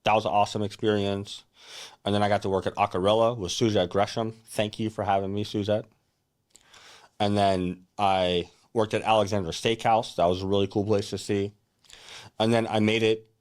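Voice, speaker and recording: A man's voice: on the low side, flat delivery, normal speed. A young man, a chef, telling his career story in a casual, earnest first-person way, often restarting his sentences. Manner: earnest and reflective, with many restarts and fillers like "like" and "right?".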